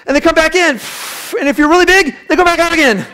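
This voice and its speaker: A man preaching a sermon, telling a lively story with sudden loud bursts and then dropping to a soft, low voice for reflective points. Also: fast, slight background noise. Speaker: pastor.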